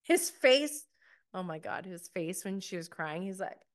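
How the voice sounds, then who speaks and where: A woman's voice: lowish voice, big pitch swings, unhurried. A young adult woman, casually recapping a reality show with gossipy asides and frequent laughter. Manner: gossipy, laughs often, mocking quotes. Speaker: podcast host reviewing a reality show.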